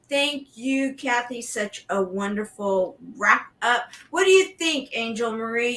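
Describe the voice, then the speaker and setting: A woman's voice: fairly high pitch, bright, forceful tone. A woman hosting a talk show, speaking enthusiastically and rambling with many restarts. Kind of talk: casual wrap-up talk.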